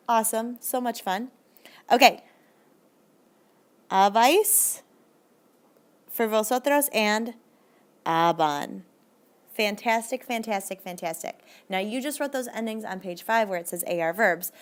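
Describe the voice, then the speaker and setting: A woman teacher giving a recorded video lesson, upbeat and encouraging, slowing down and stretching out her Spanish examples. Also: mid-range voice, clean tone.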